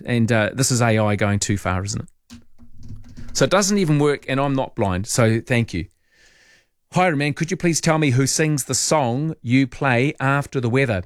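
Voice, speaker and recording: A man's voice: medium pitch, moderate pace, dry recording. New man, late-night talk radio host, rambling and wry, dry close studio mic. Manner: chatty, wry and rambling, reads lyrics aloud. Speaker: overnight radio talkback host. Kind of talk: casual late-night talkback, reading listener messages. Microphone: studio microphone.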